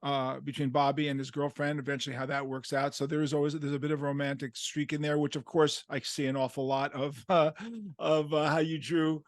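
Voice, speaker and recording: A man in his sixties hosts a relaxed interview, asking direct questions with plain enthusiasm. His voice sits a bit high and sounds close and dry, with no room echo. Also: brisk. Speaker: host. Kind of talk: casual interview conversation.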